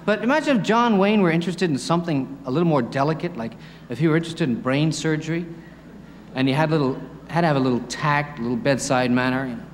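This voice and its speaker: A man's voice: on the high side, fast. A male stand-up comedian telling stories with many chatty asides. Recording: roomy hall with faint noise.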